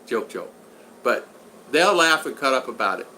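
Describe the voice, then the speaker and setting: A man's voice: medium pitch, sing-song, normal speed, sharp tone, slight background noise, low-quality recording. A man in his sixties hosting a casual livestream, reading viewer comments aloud in a rambling, folksy, joking way. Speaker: channel host.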